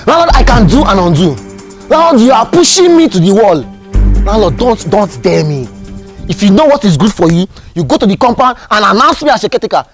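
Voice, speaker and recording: A man's voice: high voice, big pitch swings, fairly quick, faint music behind. A man playing a sly Nigerian loser spouting proverbs. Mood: threatening. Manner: stammering, proverb-quoting, pleading. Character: defeated male candidate, sly, quoting proverbs. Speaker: losing candidate. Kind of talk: comedy skit acting.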